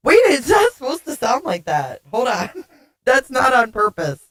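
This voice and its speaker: A woman livestream host talks slowly and casually to her viewers, laughing often and cursing when flustered. Her voice comes through a desktop mic and a glitchy voice changer that warps it into something alien. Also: high voice, huge pitch swings, fairly bright tone. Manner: giggly, flustered, swears casually. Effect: glitchy voice changer making her sound alien. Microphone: desktop streaming mic.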